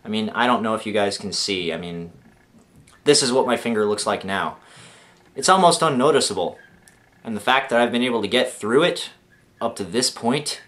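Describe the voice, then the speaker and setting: A young adult man vlogging, telling comic stories about his own mishaps in a jokey, self-mocking and animated way. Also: on the low side, moderate pace. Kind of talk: comic storytelling to camera.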